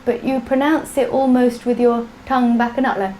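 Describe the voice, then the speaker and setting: A woman's voice: fairly high pitch, little pitch movement, moderate pace, a little mellow, a little hiss or hum, poor audio. A woman teaching a live online language class, drilling sounds patiently for students to repeat. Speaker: Sanskrit teacher.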